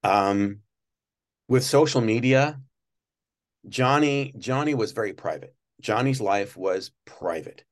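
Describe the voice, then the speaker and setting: A man's voice: fairly low pitch, slow. Rambling man telling studio stories. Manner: rambling, many restarts, animated when mimicking others. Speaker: guest recalling work at a TV studio. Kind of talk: casual interview storytelling.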